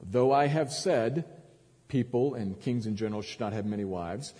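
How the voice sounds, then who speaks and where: A man's voice: medium pitch, normal speed, mellow, husky, in a large hall. A male pastor preaching a sermon, retelling a story with dramatic emphasis and frequent restarts.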